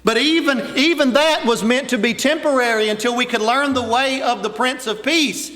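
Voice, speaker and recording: An older male preacher with a high, ringing voice delivers an emphatic sermon, his voice swelling as he drives his points home. His words carry a long reverb from the church hall around him. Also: normal speed, sharp tone. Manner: emphatic preaching, rising and intensifying on key points. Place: church sanctuary.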